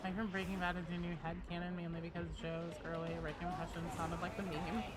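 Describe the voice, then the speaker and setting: A woman streaming a game live and chatting with her viewers, talking in a loose, animated way, filling with "like" and blurting out swears. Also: on the low side, brisk, loud music behind the voice. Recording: steady background noise.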